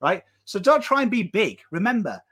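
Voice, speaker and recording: An English man ranting as co-host of a football fan show, sweary and impassioned, swinging between shouting and low intensity. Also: very animated, normal speed, slightly rough. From England. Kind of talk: fired-up fan rant.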